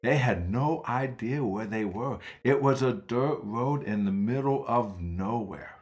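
A man narrating a children's story in an animated, dramatic way. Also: mid-range voice, a little slow, highs cut off.

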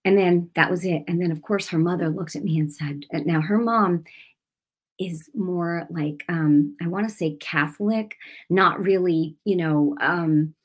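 A woman minister telling a story in a broadcast sermon, speaking in an animated, emphatic way and laughing often. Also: lowish voice, measured pace.

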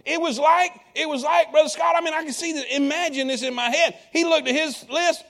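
Male preacher, high tenor voice, calls out to the congregation, drops low then rises loud. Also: fairly even intonation, brisk, creaky. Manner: call-and-response preaching to congregation. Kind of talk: sermon.

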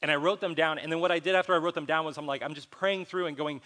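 A man's voice: a little high, steady tone, quick pace, few pauses, sharp tone. A young adult man preaching a sermon as pastor, conversational and earnest, acting out little dialogues as he teaches.

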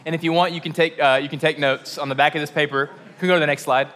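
Man, fairly high, bright voice, relaxed pastor giving simple instructions. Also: quick pace. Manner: relaxed, direct instructions with "um" fillers. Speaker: pastor leading the gathering. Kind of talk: giving instructions at a church service.

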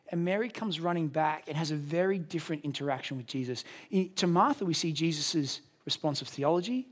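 A man preaching a sermon in an earnest, conversational way, raising his voice to a shout for emphasis. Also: a little high. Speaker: pastor.

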